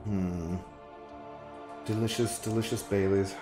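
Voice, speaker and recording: A man's voice: fairly low pitch, steady tone, slow pace. A man streaming a game, chatting loosely and rambling as he answers his viewers by name. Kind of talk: casual live-stream chat. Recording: roomy, with background music.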